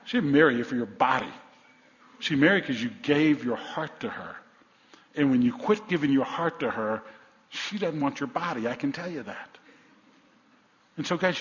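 A man in his sixties, a pastor preaching a sermon in a church, blunt and folksy, swinging between loud exhortations and quiet asides. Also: medium pitch. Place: church sanctuary. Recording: echoey hall, slightly dull sound.

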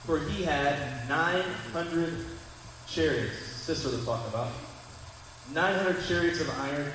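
A man's voice: a little high, a bit bright, slight background noise. A young man giving a sermon, speaking conversationally to the congregation and asking them questions. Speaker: pastor. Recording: echoey hall from far off.

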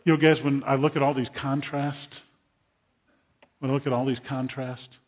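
An older male pastor delivers a sermon, pressing his points with emphatic repetition and personal stories. His voice is a little husky, of middling pitch. The recording sounds dull and lo-fi. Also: level tone, moderate pace. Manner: emphatic preaching with storytelling asides.

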